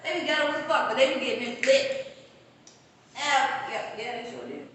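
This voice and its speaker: A woman's voice: high voice, moderate pace, a bit bright, slight background noise. A woman co-hosting a podcast in casual chat, blunt and slangy with plenty of cursing. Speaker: podcast co-host. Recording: echoey room, far from mic.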